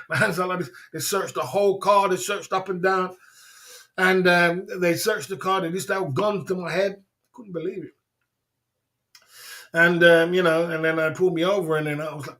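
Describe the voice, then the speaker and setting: A man's voice: sits high, steady tone, a little fast, a bit bright. A British man hosting a livestream, telling rambling stories in a casual way, chuckling often and checking in with his listeners. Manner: rambling, chuckles often, keeps asking "you know what I'm saying". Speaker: livestream host.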